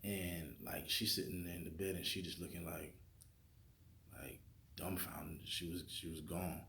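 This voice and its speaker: Deep-voiced man telling a dream story. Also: unhurried. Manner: animated, acts out his own lines, drops to whispers. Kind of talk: casual storytelling. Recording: echoey room with faint noise.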